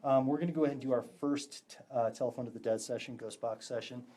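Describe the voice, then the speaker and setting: A man, a psychic medium, leading a live ghost box session with a group indoors, chatty and quick to laugh as he relays answers. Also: mid-range voice, dark tone. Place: indoors in a historic house with a group.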